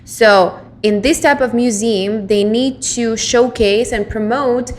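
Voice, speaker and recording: A woman's voice: fairly high pitch, slow, a little hiss or hum. A woman co-hosting a casual podcast, explaining at length with many fillers, restarts and "you know?" check-ins. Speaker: podcast co-host.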